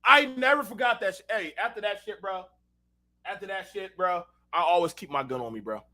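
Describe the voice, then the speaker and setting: A man's voice: high-pitched, animated, a little fast, bright, forceful tone. A man hosting an unfiltered talk show, telling heated, profanity-laced stories and speaking directly to his listeners. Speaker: show host. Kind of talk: unfiltered casual rant.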